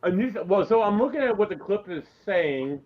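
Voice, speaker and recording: A man's voice: high-pitched, lively intonation, a little fast, phone-quality sound. A man co-hosting a casual chat, talking in a chatty, digressive way. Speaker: co-host. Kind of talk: casual chat reviewing clips.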